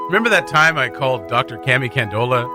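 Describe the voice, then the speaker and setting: On a morning radio show, a male host with a medium-pitched voice and lively intonation chats casually over background music. He's self-mocking and quick to laugh, tossing in loose asides from the studio.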